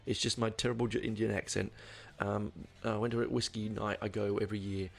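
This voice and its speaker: A man's voice: fairly low pitch, flat delivery, a little fast, gravelly. A man hosting a podcast, rambling through a casual album review with many fillers and restarts. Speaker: podcast host.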